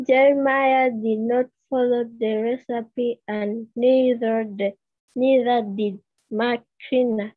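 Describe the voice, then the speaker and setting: A woman's voice: fairly high pitch, fairly even intonation, slow. A young pupil reading sentences aloud for her teacher, careful and hesitant. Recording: tinny phone-like video call line.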